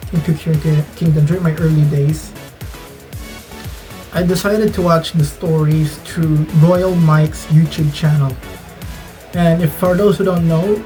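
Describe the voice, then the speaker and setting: A man's voice: fairly high pitch, dark tone, low-quality recording. A man telling a casual vlog story in an earnest, rambling way, often restarting his sentences, over faint background music. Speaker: gaming YouTuber.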